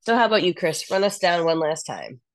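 Woman with a lowish voice chatting on a podcast, blunt and lively, dry sound. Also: a little fast, no room sound. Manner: frank, animated, sighing opinions. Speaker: podcast co-host. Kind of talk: casual chat.

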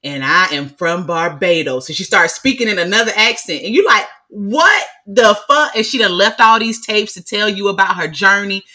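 Bright, animated woman co-hosting a podcast. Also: mid-range voice, a little fast, hardly any pauses. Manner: animated, swearing, loud exclamations. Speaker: podcast co-host. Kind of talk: casual chat.

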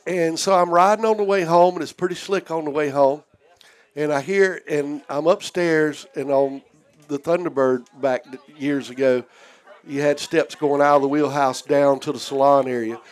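A man's voice: a little high, fairly even intonation, moderate pace. A man telling a charter boat story in casual chat, acting out the voices of the people in it. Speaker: former charter boat captain. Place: outdoor deck.

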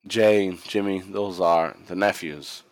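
A low-pitched, unhurried man speaks with no echo. During casual podcast chat as co-host, he recaps a wrestling story with animated storytelling, plenty of profanity, and acted-out quotes.

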